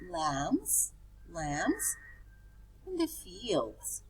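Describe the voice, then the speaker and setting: Preschool teacher, female, very slow and lilting, husky tone. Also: on the low side, big pitch swings, fairly bright tone, low-quality recording. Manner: slow, sing-song and pointing things out. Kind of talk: teaching young children.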